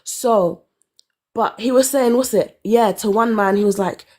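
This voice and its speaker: A woman in her thirties telling her own story in casual chat, candid and animated, with sighs and laughs. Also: fairly high pitch, unhurried. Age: 30s. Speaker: caller.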